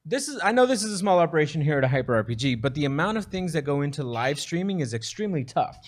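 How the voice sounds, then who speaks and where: Laid-back man with a slightly high voice. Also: sing-song, fast talker. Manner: laid-back, explains step by step. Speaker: panelist. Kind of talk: casual panel chat.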